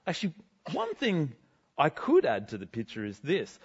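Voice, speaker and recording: A man's voice: on the high side, wildly swooping pitch, moderate pace, husky, dull audio, full character voice. A man giving a first-person sermon in character as a cheerful, chatty apostle, talking to a congregation in a school gym. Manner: chatty, self-deprecating, bubbly. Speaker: guest speaker.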